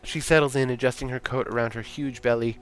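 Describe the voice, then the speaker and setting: A man narrates a story game aloud for a live stream. His voice sits at a middle pitch, and he drops casual, wry asides between passages. Faint game music plays underneath. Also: fairly even intonation, fast talker, clean tone.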